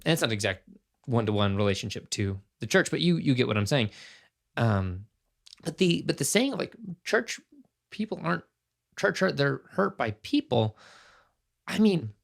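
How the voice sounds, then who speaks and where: A man's voice: fairly high pitch, gravelly. A man in his thirties hosting his own podcast, talking alone in an earnest, impassioned way and thinking aloud with frequent restarts. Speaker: podcast host. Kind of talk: casual solo podcast commentary.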